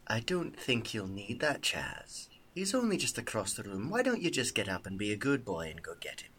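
Man doing a menacing female rogue, low, quiet, steady pitch, tabletop game voice. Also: normal speed, slight background noise.

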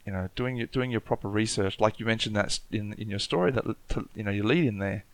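A man's voice: on the low side, fast talker, no echo. An Australian man with an Aboriginal Australian accent, talking thoughtfully in a casual panel discussion, with many restarts. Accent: Aboriginal Australian English.

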